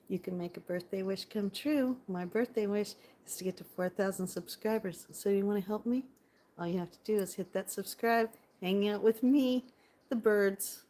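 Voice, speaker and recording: With a mellow, mid-range voice, a chatty California woman streams live from her phone at home by a window. This vlogger keeps the talk casual and bubbly while responding to viewers.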